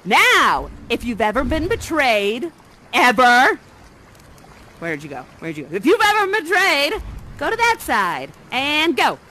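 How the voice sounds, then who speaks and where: A doting, mischievous exiled mother sorceress in live interactive theater. Her voice sits high and bright, leaping wildly in pitch as she coaxes and teases with playful drama. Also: huge pitch swings, measured pace, heavily acted. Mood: playful coaxing. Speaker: immersive theater actor.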